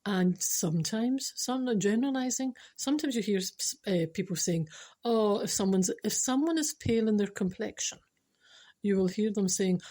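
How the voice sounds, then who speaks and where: A Scottish woman in middle age talks through her spiritual podcast in a loose, chatty way. She teases herself and slips into whispered asides. Her pitch sits in the ordinary middle range for a woman. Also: moderate pace, mellow. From Scotland. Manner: self-mocking, playful, drops into whispered asides. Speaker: podcast host.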